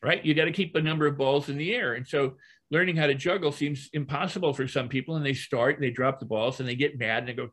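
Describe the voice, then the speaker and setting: An older man, a guest trainer and hypnotist, teaching through stories in a lively conversational way and repeating phrases as they build. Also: mid-range voice, fast talker.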